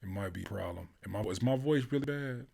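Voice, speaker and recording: Sick-sounding guy hosting a live stream, kinda hoarse, low voice, laid back and laughing with chat. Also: fast. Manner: relaxed, chatty, laughs easily. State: hoarse from a cold. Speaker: host, rapper and music producer. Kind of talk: casual livestream chat, greeting viewers in chat.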